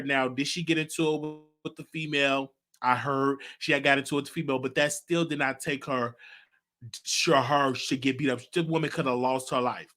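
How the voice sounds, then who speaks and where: A man's voice: mid-range voice, fairly bright tone. A young man with a Southern US accent hosting his own show, talking earnestly and from the heart, often repeating his phrases. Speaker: show host. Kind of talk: solo commentary vlog.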